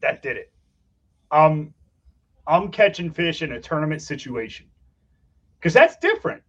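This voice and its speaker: A man's voice: a little high, very animated, measured pace, a bit bright, slightly rough, muffled recording. Profane man spinning a fishing story. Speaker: podcast host. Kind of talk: casual chat.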